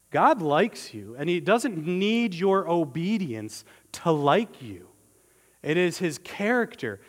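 A man preaching a sermon as pastor, earnest and emphatic, slowing down on key words and often restarting his phrases. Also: a little high, fairly bright tone, in a large hall.

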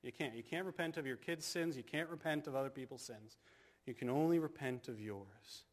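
A male pastor preaching a sermon in a church, moving from hushed, slow passages to loud, fervent calls. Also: medium pitch.

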